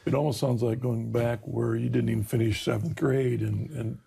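Very raspy, gravelly-voiced interviewer. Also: male voice, mid-range voice, fairly even intonation, normal speed, dark tone. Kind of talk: reflective interview response.

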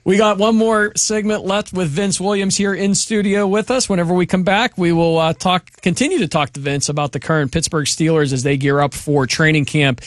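A man's voice: sits high, steady tone, a little fast, few pauses, no room sound, clean studio sound. A man hosting a sports talk radio show, upbeat as he tells stories and wraps up segments. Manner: upbeat anchor, smooth show wrap-up. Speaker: radio host.

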